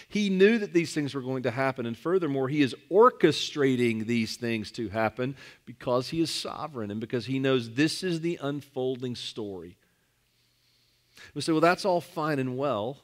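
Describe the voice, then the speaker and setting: A male pastor reading a scripture passage aloud and then preaching, driving his points home with repetition and rising emphasis. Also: mid-range voice.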